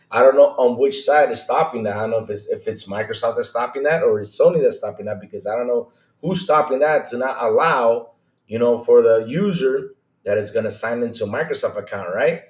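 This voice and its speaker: A man hosting a gaming podcast livestream, chatting casually, greeting viewers by name and teasing in a lively way. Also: mid-range voice. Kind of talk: casual livestream chat reading viewer comments. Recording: roomy echo.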